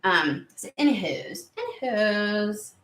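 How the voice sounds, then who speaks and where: A woman chatting excitedly and rambling on tangents during a spiritual card reading video. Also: medium pitch, slow. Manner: excitable, rambling, lots of exclamations. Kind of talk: casual chatty reading vlog. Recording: roomy echo.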